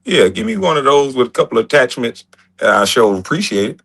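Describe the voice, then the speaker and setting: A man's voice: medium pitch, very animated, quick pace, fairly bright tone, slightly rough. A man hosting a casual livestream, talking loosely with a lot of swearing and joking. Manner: loose, profane, joking and laughing. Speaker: livestream host.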